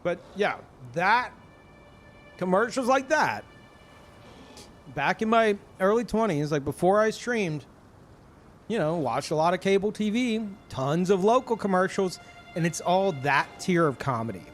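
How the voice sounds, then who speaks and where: Male streamer, fairly high voice, swears constantly and rants with animated energy; faint music playing underneath. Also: measured pace. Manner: ranting, profane, animated. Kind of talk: casual live-stream chat.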